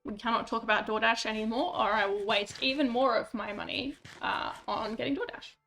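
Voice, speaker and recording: A woman's voice: a little high, fairly even intonation, a little fast, a bit bright, faint music behind. A woman streaming a game, chatting casually and mocking herself, swearing when annoyed. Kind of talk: casual gameplay chat.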